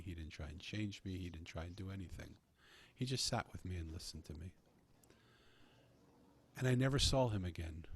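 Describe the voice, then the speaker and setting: A man's voice: deep voice, a little mellow, husky. A man earnestly telling a personal story in conversation, often restarting his phrases. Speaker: podcast guest telling a story.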